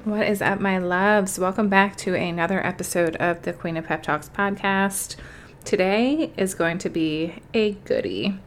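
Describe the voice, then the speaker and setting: A woman's voice: medium pitch, unhurried, slight background noise. A young adult woman hosting her own podcast, talking casually and with heartfelt emotion. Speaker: podcast host. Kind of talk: casual solo podcast talk.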